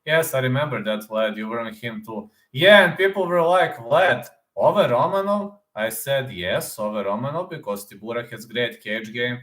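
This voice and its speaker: Excitable man in a roomy echo. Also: mid-range voice, moderate pace, few pauses. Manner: excitable, repeats phrases, demonstrates fight moves. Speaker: MMA news reaction host. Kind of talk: casual reaction commentary.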